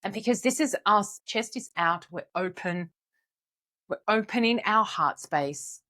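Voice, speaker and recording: Slow, calm woman coaching. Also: medium pitch. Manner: calm, encouraging, guiding listeners step by step. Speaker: confidence coach. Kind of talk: guided exercise instruction.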